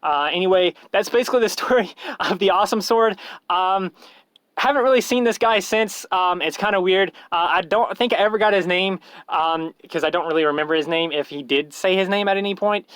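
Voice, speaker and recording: A man's voice: high voice, a little fast, fairly bright tone, smooth, no echo. A man telling a rambling, self-mocking story in a casual vlog, full of fillers and restarts.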